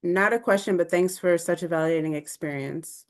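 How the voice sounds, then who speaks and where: A woman with a low voice for a woman speaks over a video call, animated and conversational and reacting openly as she goes. She is co-leading a live online discussion. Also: brisk. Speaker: webinar co-presenter.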